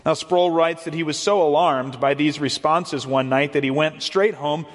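A man's voice: fairly high pitch, steady tone, normal speed. A man preaching a sermon as a pastor, explaining earnestly and often repeating words as he goes. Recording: long hall reverb.

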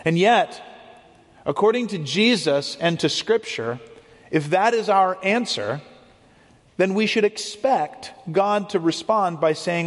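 A man's voice: sits high, slow pace. A man preaching a sermon as a pastor, explaining earnestly and often repeating words as he goes. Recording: long hall reverb.

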